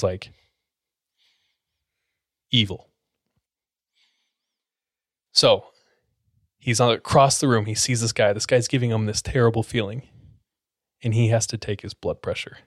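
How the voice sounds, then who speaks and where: A man hosts a podcast and tells a scary story in a relaxed, casual way. His voice is on the low side and sounds dry and close to the mic. He keeps dropping in "like" as he talks. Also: unhurried, pauses often, no echo. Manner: relaxed, fills speech with "like". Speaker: podcast host.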